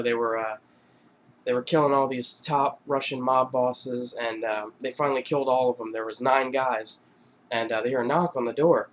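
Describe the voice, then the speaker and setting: Rambling casual man with a faint hiss. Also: mid-range voice. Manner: rambling, full of fillers, laughs between lines. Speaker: YouTube vlogger. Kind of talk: casual retelling of film scenes.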